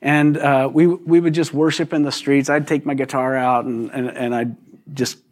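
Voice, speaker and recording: A man's voice: medium pitch, steady tone, normal speed. Conversational male pastor preaching. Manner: conversational, asks the congregation questions. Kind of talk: sermon.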